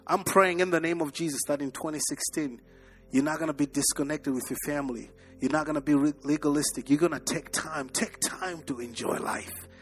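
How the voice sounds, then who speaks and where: A man's voice: on the high side, a little fast, breathy edge, faint music behind. A man preaching a sermon as pastor, emphatic and repetitive, with sudden bursts and drops in his delivery. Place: church service.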